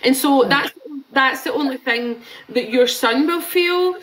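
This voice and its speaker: A woman's voice: sits high, measured pace, a bit bright, poor audio. A Scottish woman in her forties giving a live psychic reading in a rambling, chatty way, swearing and laughing now and then.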